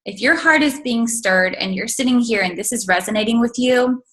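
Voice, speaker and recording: A woman giving an energetic, faith-based motivational talk to her sales team over a video call, with lots of fillers. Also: fairly high pitch, normal speed, low-quality recording. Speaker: network marketing team leader.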